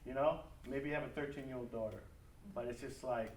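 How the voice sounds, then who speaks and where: A middle-aged man preaching as a pastor in a conversational, animated way, acting out family conversations. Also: medium pitch, normal speed, slight background noise. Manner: animated, acts out family dialogue. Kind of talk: conversational sermon talk. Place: church or school hall. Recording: echoey room, mic from a distance.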